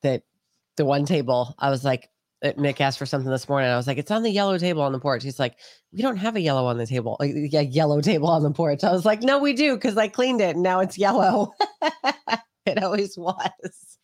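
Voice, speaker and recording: A woman co-hosting a podcast, telling a story in a casual, profane, animated way. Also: deep voice, brisk, no echo, studio quality. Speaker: podcast co-host.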